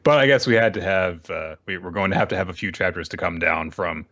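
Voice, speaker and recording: A man's voice: low voice, fast, a bit bright. Wry man on a dull lo-fi mic. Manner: wry, laughs often while commenting. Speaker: podcast co-host. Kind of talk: casual manga recap chat.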